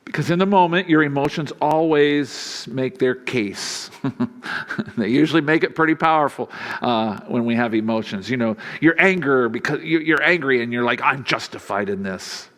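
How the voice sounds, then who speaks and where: A man preaching a sermon at a medium pitch. His delivery is loose and conversational, with frequent little laughs. He slips into lively voices whenever he quotes someone. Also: normal speed. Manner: conversational and humorous, chuckling often; acts out quoted lines in a lively voice. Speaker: pastor.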